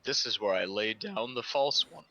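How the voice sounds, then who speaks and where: A man's voice: lowish voice, normal speed, bright, forceful tone, dull audio. A man voicing a cryptic turtle researcher who makes ominous pronouncements. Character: cryptic male turtle researcher living underground.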